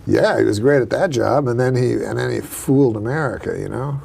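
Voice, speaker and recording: A man hosting a casual chat, talking in a dry, deadpan way and chuckling often. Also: mid-range voice, brisk, creaky, husky. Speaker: host.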